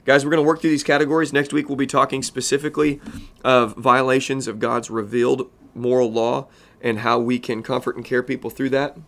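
An earnest man of ordinary pitch talks through a pastoral teaching as a podcast host. He speaks to fellow pastors in an even, sincere way and drops to a slow, soft voice when a point lands. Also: vocal fry.

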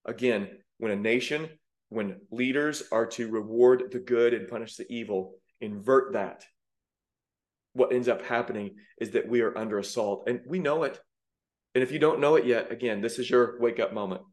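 A man's voice: mid-range voice, moderate pace, a little mellow. A man preaching with fiery indignation, rising to emphatic peaks as he reacts to song lyrics. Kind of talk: sermon-style commentary.

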